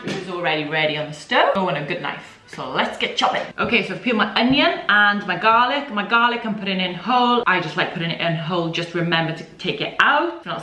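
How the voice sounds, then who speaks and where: A woman from Italy hosting a casual cooking demonstration in a home kitchen, chatty and slipping Italian words into her English. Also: mid-range voice. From Italy, grew up in Milan. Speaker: cooking video host. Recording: echoey kitchen with background music.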